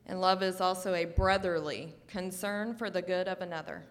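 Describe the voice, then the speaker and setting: A woman in church reading verses and definitions aloud in a plain, measured way. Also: on the low side, fairly even intonation, long reverb tail. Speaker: scripture reader.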